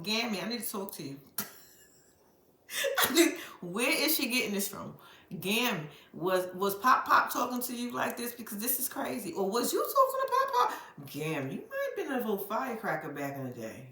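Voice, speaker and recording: Lively, bright-voiced woman recapping reality TV. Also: a little high, moderate pace, reverberant. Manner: animated, profane, dramatic storyteller who laughs often and addresses viewers as "y'all". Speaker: reality show recap host. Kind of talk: casual recap commentary.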